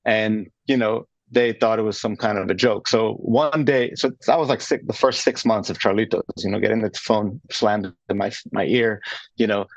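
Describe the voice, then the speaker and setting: A man's voice: on the low side, fairly even intonation, moderate pace, no echo, lo-fi sound. A man in his thirties, a guest on a radio interview, telling his story in a rambling way with many restarts and fillers. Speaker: guest, charcuterie maker. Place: radio studio.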